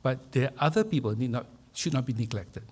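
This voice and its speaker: A man, hosting a public talk and introducing the speaker in measured, hesitant remarks with many fillers. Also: medium pitch, animated, slightly rough. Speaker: event host introducing speaker. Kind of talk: formal opening remarks.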